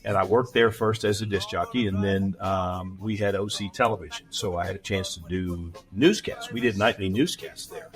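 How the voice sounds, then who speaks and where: Lower-voiced veteran newsman from West Texas. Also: moderate pace, hardly any pauses. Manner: rambling, anecdotal, neutral broadcaster diction. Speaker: guest, veteran news anchor. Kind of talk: casual interview storytelling.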